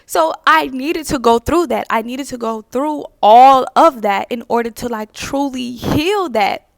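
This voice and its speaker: A young woman talking softly and openly about healing to her viewers, confiding and full of fillers. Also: high-pitched, a little slow, gravelly, no room sound, studio quality. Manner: soft-spoken, confiding, many "like" and "you know" fillers. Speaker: spiritual vlogger. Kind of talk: heartfelt personal talk to camera.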